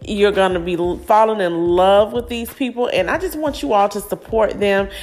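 A woman hosting a casual podcast, giving effusive, gushing shout-outs to family members. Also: mid-range voice, normal speed, faint music behind. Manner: warm, effusive, gushing praise. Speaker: podcast host.

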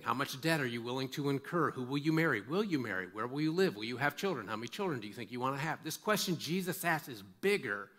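A man's voice: a little high, sharp tone. A male pastor preaching a sermon in an emphatic way, repeating words for stress and putting questions straight to his listeners. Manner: asks listeners direct questions.

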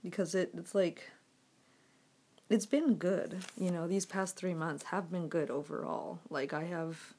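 A woman's voice: on the low side, steady tone, unhurried, a little mellow, slightly rough. A woman vlogging to her audience on a phone, rambling with many fillers and frequent swearing. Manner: frustrated, swearing, filler-heavy. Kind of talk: casual rambling to camera.

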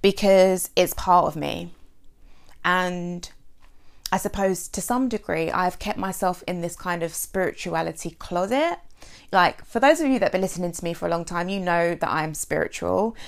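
A woman's voice: on the low side, moderate pace, gravelly. A woman hosting an unscripted solo podcast as a coach, talking in a heartfelt, emotional and rambling way with many fillers. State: sore throat lately.

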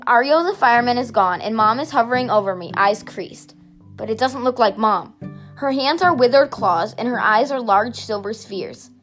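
A woman with a somewhat high voice reads a first-person story aloud. Her delivery is steady and softly expressive, and faint music plays beneath her narration. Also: normal speed.

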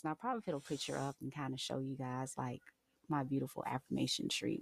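A woman's voice: sits low, gravelly, darkish tone, dry recording. A woman talking openly and heartfelt in a casual spiritual vlog, reading oracle cards for her viewers. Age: adult mother of school-age kids. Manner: open, heartfelt, conversational. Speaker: oracle card reader.

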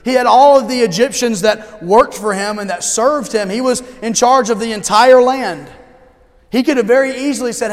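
A man preaching a sermon as pastor in a church, talking conversationally with humor and slowing down for emphasis. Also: very high-pitched, big-room sound. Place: church sanctuary.

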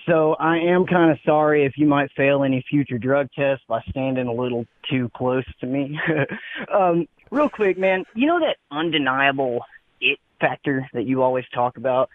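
A man's voice: medium pitch, animated, normal speed, no room sound. A man calling into a radio show, laid-back and rambling, peppering his talk with "man". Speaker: caller. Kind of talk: prepared call-in speech. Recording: phone line.

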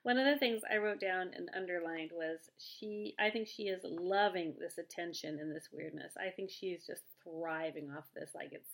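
A woman's voice: fairly low pitch, normal speed, vocal fry, few pauses. A woman co-hosting a casual podcast chat, giving wry, opinionated commentary with laughing asides. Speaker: podcast co-host. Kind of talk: casual chat recapping a reality show.

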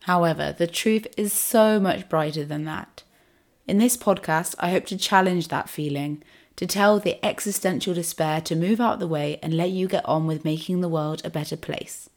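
Croaky-voiced woman with a cold. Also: fairly low pitch, normal speed. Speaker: podcast host. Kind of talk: scripted podcast monologue.

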